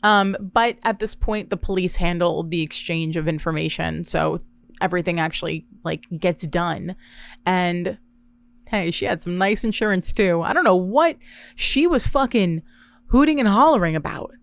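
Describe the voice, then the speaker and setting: A young woman hosting a podcast, telling a story in an animated, sarcastic way with quick asides. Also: on the low side, creaky, dry recording. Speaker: podcast host. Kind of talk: casual storytelling monologue.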